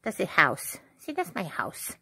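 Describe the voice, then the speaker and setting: A woman in her forties with a Southern US accent, filming at home on a phone and talking to her pet in high, playful baby talk. She laughs often. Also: huge pitch swings, measured pace, creaky, pushed and bright, slightly rough. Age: 40s. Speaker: crafting vlogger. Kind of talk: casual home video chat. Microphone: phone held in hand.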